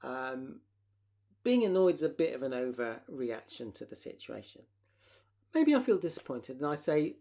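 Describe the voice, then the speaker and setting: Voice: mid-range voice, animated, normal speed, a little mellow. A therapist leading a live online workshop, asking the audience reflective questions and acting out short example dialogues.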